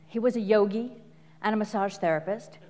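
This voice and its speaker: A middle-aged woman coach giving an animated live talk full of stories, laughing often and acting out quotes. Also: mid-range voice, fairly quick, long reverb tail. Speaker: speaker and coach. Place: large venue before an audience.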